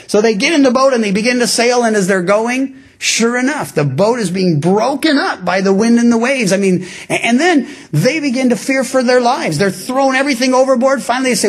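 A pastor delivers a sermon in a husky voice. His delivery is animated, with frequent restarts and pauses. His pitch moves widely as he speaks.

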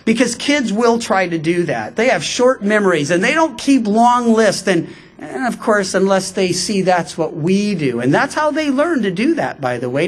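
A man preaching a radio sermon in a conversational, emphatic way, slowing down for quoted scripture. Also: sits high. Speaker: pastor.

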